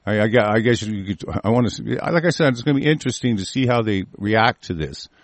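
A low-pitched man ranting on his show, swearing at almost every turn and rambling from point to point. His voice is close and dry, with no room sound around it. When he reads the news aloud, his pace slows and stumbles. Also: lively intonation, no room sound. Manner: angry, cursing, rambling. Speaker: talk show host. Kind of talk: profane ranting commentary.

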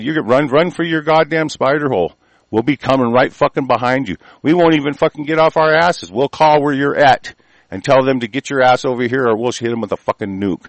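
A man delivering an angry, profane monologue, swinging between shouted bursts and low mutters. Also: dry recording.

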